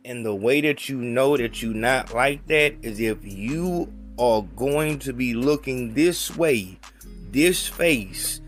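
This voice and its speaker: Slow-talking guy lecturing the youngsters, blunt and cussing, faint music under him. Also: medium pitch. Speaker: podcast host. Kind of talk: casual advice-giving commentary.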